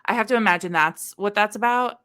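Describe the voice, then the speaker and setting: A woman co-host recaps a novel in a casual, joking style, stringing her thoughts together with quick asides. Her voice is bright and clear, sitting in an ordinary middle register. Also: mid-range voice. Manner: animated, laughing, quippy storytelling with many "like"s. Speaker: podcast co-host summarizing a book. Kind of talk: casual chat.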